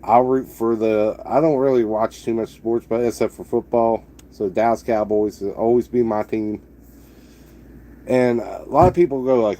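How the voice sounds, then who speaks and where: A man's voice: medium pitch, moderate pace, warm tone. A man in his thirties from Texas, chatting to camera in a loose, rambling way with many restarts. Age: 30s. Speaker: vlogger. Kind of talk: casual rambling chat to camera.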